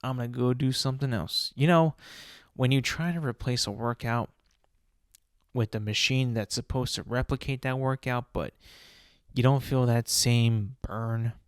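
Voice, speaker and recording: Young male podcast host, mid-pitched, exasperated rant style, dry close-miked sound. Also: normal speed, clean tone, no echo. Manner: exasperated ranting, many fillers and rhetorical questions.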